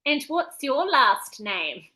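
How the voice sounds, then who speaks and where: A woman with a New Zealand accent voicing a flat, deadpan emergency operator. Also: sits high, slow, pitched above the performer's own voice, exaggerated voice.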